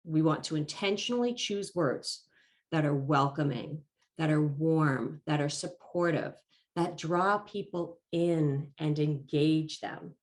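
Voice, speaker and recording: A woman giving a talk as a life coach, calm and encouraging, slightly congested from allergies and clearing her throat now and then. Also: low-pitched. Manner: calm, encouraging and measured, stressing key phrases. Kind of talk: presented talk.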